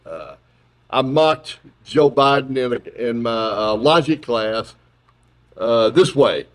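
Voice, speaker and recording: A male philosophy professor giving a public lecture in an auditorium, talking in an animated, joking way with frequent restarts. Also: medium pitch, slow.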